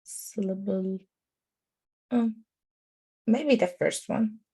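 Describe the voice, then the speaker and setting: A woman's voice: medium pitch, drawn-out words, mellow, husky. A woman who speaks Arabic as her first language, answering tentatively and thinking aloud as a student in an English lesson.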